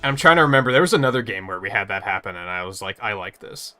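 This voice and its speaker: Male streamer, bright sharp voice, profane animated game chat, faint music behind. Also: fairly low pitch, rapid-fire. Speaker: livestream host. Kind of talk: casual chat while gaming.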